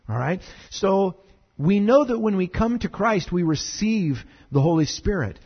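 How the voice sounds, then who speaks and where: Animated husky-voiced male pastor. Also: sits high, measured pace, lo-fi sound. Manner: conversational, animated, many fillers and repeated words. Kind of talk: sermon.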